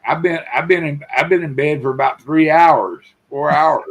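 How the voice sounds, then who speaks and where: A man's voice: on the high side, moderate pace, a bit bright, low-quality recording. A man in a casual podcast chat, grumbling and cussing through a story. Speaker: podcast guest.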